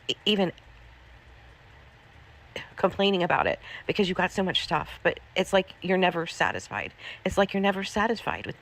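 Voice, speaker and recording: A woman's voice: mid-range voice, a bit bright. A woman livestreamer scolding someone in a profane, repetitive, angry rant.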